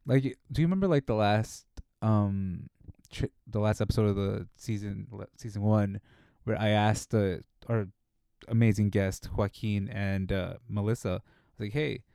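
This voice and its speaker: A man's voice: on the low side, normal speed, gravelly, mellow, smooth, no room sound, clean studio sound. A man co-hosting a casual podcast chat, thoughtful and often repeating words as he thinks. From Spanish-speaking family in the United States. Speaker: podcast co-host.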